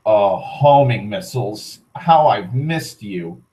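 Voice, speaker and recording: A man's voice: lowish voice, expressive, slow, mellow, rough recording. A young man giving let's play commentary, muttering and swearing as he plays. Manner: swearing, muttering reactions to the game. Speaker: gaming channel host.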